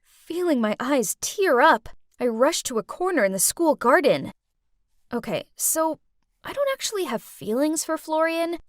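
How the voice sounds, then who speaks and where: Chatty woman narrating a storytime, high and lively. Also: a little slow, no room sound, studio quality. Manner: chatty, dramatic, self-absorbed teen persona. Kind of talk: scripted first-person storytime narration.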